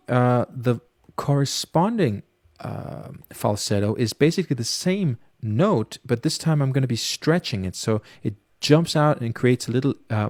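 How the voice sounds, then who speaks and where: A man, a music producer, casually talking through a studio mixing tutorial with many pauses and fillers. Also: medium pitch, darkish tone, dry recording. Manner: casual, hesitant, lots of fillers.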